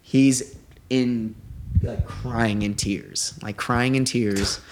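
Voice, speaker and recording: A man's voice: mid-range voice, fairly even intonation, extremely slow, a little hiss or hum. A man chatting casually as a podcast guest, rambling through a story and leaning on 'like' constantly. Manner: rambling, heavy use of 'like'. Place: living room.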